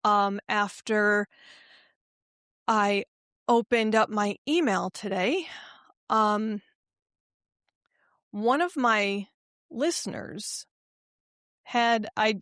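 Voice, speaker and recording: A woman hosting a motivational podcast, speaking in an emphatic, affirming way that turns halting and emotional when she gets personal. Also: medium pitch, fairly bright tone, dry recording, studio quality. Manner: slow, emphatic, affirming delivery. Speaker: podcast host and life coach.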